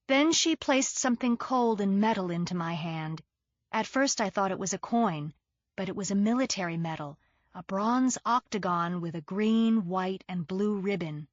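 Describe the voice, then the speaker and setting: A woman's voice: medium pitch, moderate pace, dry recording. Woman narrating an audiobook, dull dry sound. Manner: even, first-person storytelling. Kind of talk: scripted narration. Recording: dull dry studio recording.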